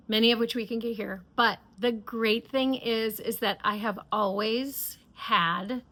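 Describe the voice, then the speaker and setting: An American middle-aged woman hosts a knitting podcast, her mid-range voice fairly bright. She chats casually and enthusiastically, with lots of fillers and restarts.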